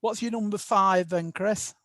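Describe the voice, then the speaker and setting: High-voiced man hosting a book chat. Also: measured pace, fairly bright tone, dry recording. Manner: friendly questioner, repeats words. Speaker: book club host. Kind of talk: casual chat.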